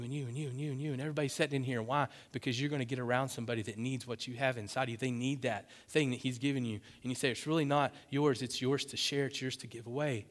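A man preaching a sermon to his church, passionate and swinging into loud, emphatic bursts. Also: mid-range voice. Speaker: pastor. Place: church sanctuary. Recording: long hall reverb.

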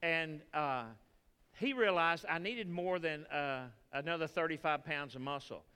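Animated Texan preacher in a reverberant hall. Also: male voice, a little high, measured pace, clean tone. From Texas. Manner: animated, folksy preaching with storytelling. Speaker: pastor. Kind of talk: sermon.

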